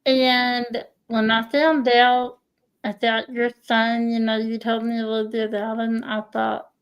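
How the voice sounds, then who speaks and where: A woman's voice: on the high side, level tone, measured pace, clear, resonant tone. A woman hosting a livestream over a video call, speaking earnestly and repeating herself for emphasis. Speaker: livestream host. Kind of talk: warm interview chat.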